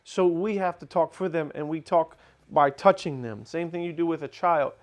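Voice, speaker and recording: A dog breeder co-hosting a podcast explains things in casual chat, with insistent, lecturing emphasis and little scenes acted out along the way. His voice is fairly high for a man, and he talks at a moderate pace.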